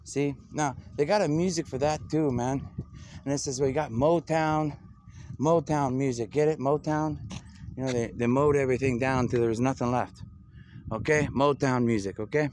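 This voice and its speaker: A man's voice: mid-range voice, fairly even intonation, normal speed, darkish tone. A man talking in a rambling monologue over footage, drifting between topics with wordplay and filling his talk with "man" and "you know".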